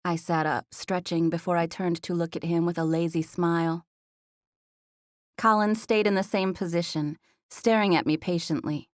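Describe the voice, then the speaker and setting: Low-voiced woman narrating an audiobook. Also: fairly even intonation, moderate pace, dry recording, clean studio sound. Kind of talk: scripted first-person narration.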